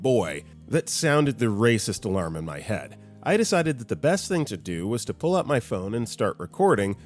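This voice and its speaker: A man narrating stories in an expressive, scripted delivery. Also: medium pitch. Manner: expressive storytelling. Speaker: story narrator. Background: faint guitar music.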